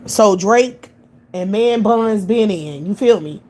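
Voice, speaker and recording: A woman's voice: mid-range voice, slow pace, mellow. Blunt, profane woman ranting. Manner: blunt, heated, profane and repetitive. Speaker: livestream commentator. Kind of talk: profane monologue rant.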